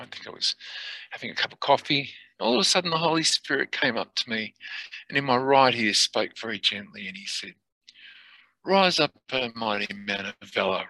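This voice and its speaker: Man, middle-aged, earnest testimony, halting, bright tone. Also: lowish voice, creaky, breathy edge, dry recording, rough recording. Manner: earnest, halting, drops to near whispers. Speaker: testimony speaker. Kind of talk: personal spiritual testimony.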